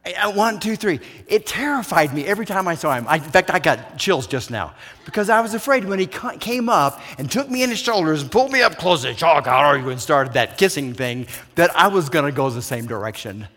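Brisk and barely pausing, a pastor with a slightly high voice preaches a sermon full of lively stories and questions for his congregation. The recording has a long church hall reverb.

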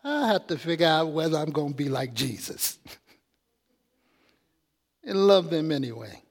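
A man's voice: a little high, big pitch swings, a little slow. A man preaching a sermon in a church, chatty and calling out questions to the congregation. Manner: conversational, calls out to the congregation. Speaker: pastor. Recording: long reverb of a church hall.

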